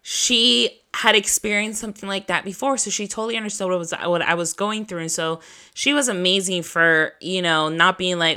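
A woman's voice: fairly low pitch, steady tone, moderate pace, sharp tone, clean tone. A woman hosting a podcast who tells a personal story in a casual, chatty way. She swears freely, leans on "like", and laughs at herself between lines. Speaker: podcast host.

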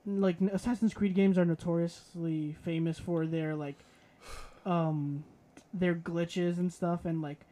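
Slow, mellow, high-voiced young man. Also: steady tone. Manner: laid-back, chuckling interjections. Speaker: podcast co-host. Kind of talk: casual chat.

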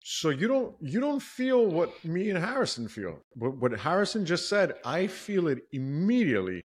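A man's voice: fairly high pitch, big pitch swings, moderate pace, slightly rough. A man co-hosting a podcast in casual chat, making pointed, emphatic remarks. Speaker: podcast co-host.

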